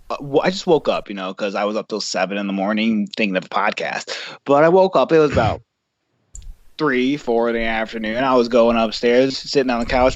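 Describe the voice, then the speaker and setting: A young man co-hosting a podcast, telling a story in casual chat, animated and profane, acting out what people said. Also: medium pitch, no echo. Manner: animated, profane, acts out quotes. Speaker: podcast co-host. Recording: dull lo-fi podcast mic with faint hiss.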